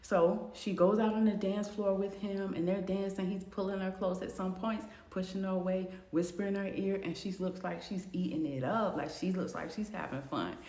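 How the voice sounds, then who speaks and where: A woman narrating a storytime video in a casual, animated way. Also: medium pitch, normal speed, hardly any pauses. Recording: roomy echo.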